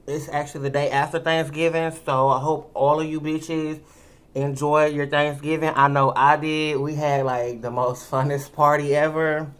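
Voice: medium pitch, clear, resonant tone. A tipsy vlogger chatting casually at home while eating, sassy, rambling and full of swearing, talking to the camera. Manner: sassy, profane and rambling, calls listeners girl. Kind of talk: casual eating-show chat. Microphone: camera mic.

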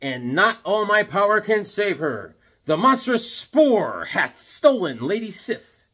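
A man voicing a heroic male thunder god who declaims slowly and dramatically in archaic speech. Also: sits high, very animated, sharp tone, husky, voice pushed up, full character voice. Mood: anguished.

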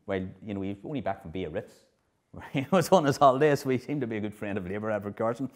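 A middle-aged man giving a history lecture, lively, often checking in with his audience. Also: medium pitch, fast talker. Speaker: speaker at a political history festival.

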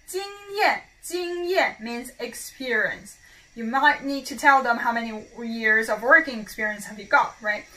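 A woman teaching a language lesson, repeating model phrases slowly and clearly. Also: a little high, pushed and bright, rough recording.

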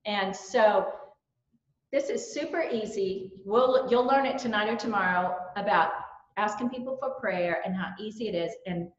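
A middle-aged woman with a Southern US accent, telling stories in a lively way at a church training. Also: mid-range voice, normal speed. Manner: lively storyteller, animated quotes and laughs. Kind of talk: church talk with personal stories. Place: church hall. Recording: roomy, dull-sounding church recording.

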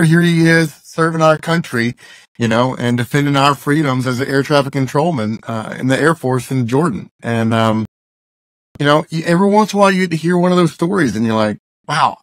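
A man's voice: mid-range voice, no echo. A man from Arkansas, a musician and youth speaker, telling a story in a casual interview. He is loose and chatty and acts out the dialogue he quotes.

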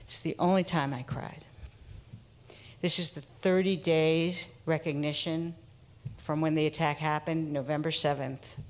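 Lively storytelling woman therapist. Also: low voice, measured pace. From United States. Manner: animated, casual, acts out quotes. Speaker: trauma therapist giving a talk. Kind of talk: storytelling presentation.

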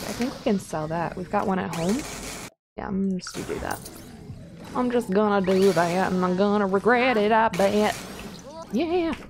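A young woman talks through her game in a loose, rambling way, laughing at her own tangents. Her pace is slow and unhurried, and her voice has a noticeable vocal fry. She sits at a middle pitch for a woman. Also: background noise. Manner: chatty, giggly, rambling asides. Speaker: gaming YouTuber. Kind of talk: casual gameplay commentary.

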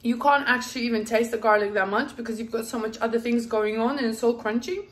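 Woman, young adult, cooking vlogger, home kitchen, excitable chatter, fairly high voice. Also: fast. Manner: chatty and excitable, laughs often, talks with mouth full. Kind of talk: casual cooking demonstration.

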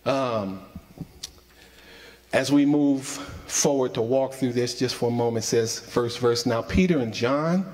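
Slow, deliberate preacher in an echoing church. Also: male voice, mid-range voice, fairly even intonation, a little mellow. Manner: preaching with emphatic repetition. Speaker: associate minister. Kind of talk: sermon. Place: church sanctuary. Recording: reverberant church sanctuary.

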